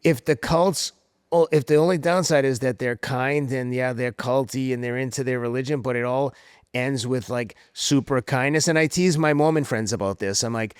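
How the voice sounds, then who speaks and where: A man's voice: medium pitch, moderate pace, smooth, dry recording, clean studio sound. A middle-aged man from Somerville, Massachusetts, hosting a casual chat and telling stories with acted-out voices. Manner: animated storytelling, acts out quoted voices. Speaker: podcast host.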